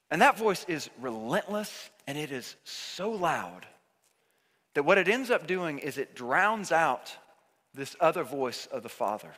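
A man's voice: on the high side, sharp tone. A man preaching a sermon as pastor, earnest and emphatic, often repeating himself for emphasis. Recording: long hall reverb.

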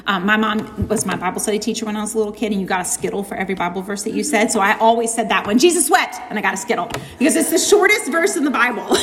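A woman's voice: medium pitch, a little hiss or hum. A young adult woman preaching, earnest and heartfelt, sometimes slipping into casual asides. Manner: earnest, heartfelt, warmly conversational. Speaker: speaker teaching on suffering. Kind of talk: sermon. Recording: echoey hall with long reverb.

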